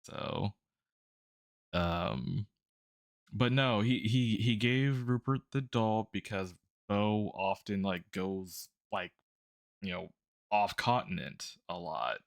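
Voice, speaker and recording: Low-voiced guy rambling on stream while he draws, lots of ums and laughs, dry room. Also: slow, gravelly, dry recording. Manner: rambling, laughs often, many fillers and restarts. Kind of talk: casual chat while drawing.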